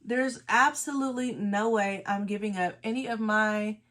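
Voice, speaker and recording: A woman's voice: mid-range voice, steady tone, normal speed, a bit bright. A woman from Los Angeles, a beauty vlogger chatting casually while doing her makeup, emphatic and repeating her points. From Los Angeles, California.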